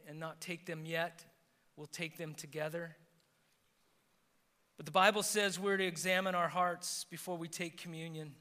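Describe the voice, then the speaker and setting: Bright-voiced man preaching in a hall. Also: fairly high pitch. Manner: animated preaching, swings between hushed and emphatic. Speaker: pastor. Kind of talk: sermon. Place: church sanctuary.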